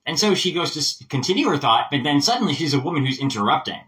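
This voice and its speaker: A man's voice: on the high side, fast, recorded from a distance, rough recording. A man giving a casual voice lesson, chatty and full of asides. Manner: chatty, animated, explains with lots of asides. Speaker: voice coach.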